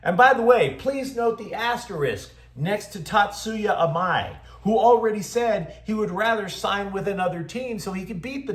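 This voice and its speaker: A man's voice: high voice, a bit bright, roomy sound. A man hosting a sports show, delivering scripted commentary with sarcastic, mocking asides.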